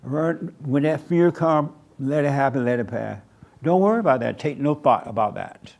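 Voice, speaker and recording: An older man preaching in a plain, slow, storytelling way, acting out what people say. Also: medium pitch, animated, vocal fry, darkish tone. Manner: slow, plain-spoken, storytelling with acted-out quotes. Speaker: pastor. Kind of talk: sermon answering questions. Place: church meeting room.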